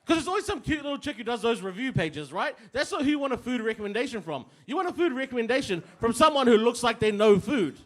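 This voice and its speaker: A man's voice: very high voice, very animated, fast talker, few pauses, a bit bright. A young man performing a crude, self-mocking stand-up set on a pub stage. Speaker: stand-up comedian.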